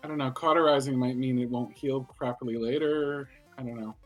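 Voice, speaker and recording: A man's voice: mid-range voice, fairly even intonation, a little fast, faint music behind. Skeptical, teasing male co-host. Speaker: podcast co-host. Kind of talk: casual anime discussion.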